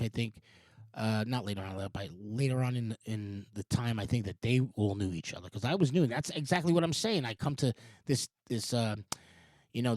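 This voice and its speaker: A man's voice: medium pitch, a little mellow, no room sound, clean studio sound. A man in his forties hosting a morning show, talking in a digressive, rambling monologue with frequent restarts and casual swearing. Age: 40s. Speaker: show host.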